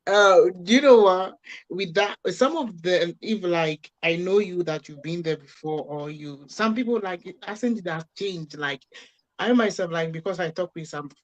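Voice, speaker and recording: This Ghanaian-accented man is a guest in a casual talk. His voice sits somewhat high. He speaks haltingly, restarting his sentences often. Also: rough recording. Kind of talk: casual discussion.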